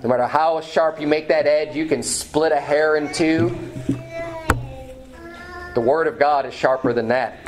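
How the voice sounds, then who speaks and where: A pastor preaching a sermon in church, reading scripture aloud with some restarts and fillers. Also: male voice, a little high, steady tone, a little slow, pauses often. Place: church sanctuary.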